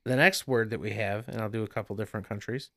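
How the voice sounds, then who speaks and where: A man's voice: lowish voice, quick pace, gravelly, a bit bright. A man co-hosting a casual podcast, running a word-guessing game and teasing the others. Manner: playful, teasing quiz-master. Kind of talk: casual chat.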